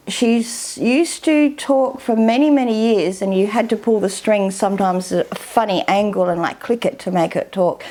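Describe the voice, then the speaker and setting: A woman, chatting casually through an unboxing in a rambling, unhurried way. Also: medium pitch, darkish tone. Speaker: vlogger.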